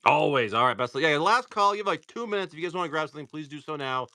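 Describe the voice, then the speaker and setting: A man's voice: on the high side, animated, rapid-fire, sharp tone. A man hosting a live stream, opening card packs and upbeat as he thanks viewers by name.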